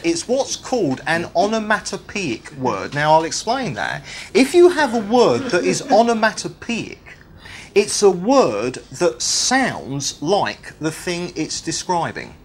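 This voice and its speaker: Man, Bible teacher, animated jokey sermon delivery, faint noise behind. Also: high voice, slow. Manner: lively and jokey, stretches and repeats key words.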